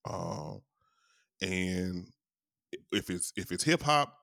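A man's voice: low-pitched, expressive, drawn-out words, creaky, sharp tone, dry recording, clean studio sound. A young adult man hosting a podcast, chatting casually, laughing often and swearing freely as he tells stories. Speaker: podcast host. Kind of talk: casual chat.

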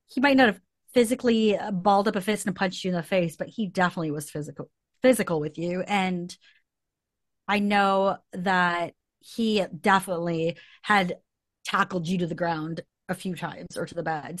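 A woman interviewer gently asking careful, probing questions about a guest's experience. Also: medium pitch, no room sound, clean studio sound.

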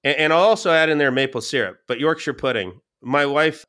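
A man, a podcast guest, telling stories in a casual, animated way, with many restarts. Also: on the high side, brisk, clean tone. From Scottish and English family. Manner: animated, quotes people in raised voices, many restarts. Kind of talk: casual storytelling.

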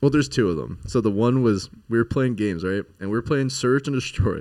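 A man's voice: mid-range voice, animated, fairly quick, a little mellow, no echo. A young man with a slight stutter, telling stories in a casual podcast chat, full of "like" and laughter. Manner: rambling storyteller, frequent "like", laughing. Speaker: podcast co-host.

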